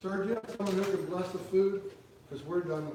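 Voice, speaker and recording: A man's voice: high voice, brisk, dark tone. A man representing an organization gives brief, plain ceremony remarks outdoors, with informal asides. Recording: distant, echoey, noisy outdoor recording.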